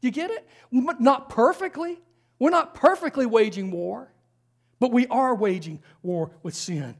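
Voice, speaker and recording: A man's voice: high-pitched, gravelly. A man preaching a sermon in a church, conversational, with frequent rhetorical questions. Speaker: pastor. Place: church sanctuary.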